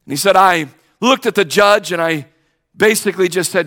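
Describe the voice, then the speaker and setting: A man's voice: high voice, fast, fairly bright tone. A middle-aged man preaching a sermon as pastor, telling a personal story in a conversational way and acting out the voices in it. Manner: conversational storytelling, acts out quoted exchanges.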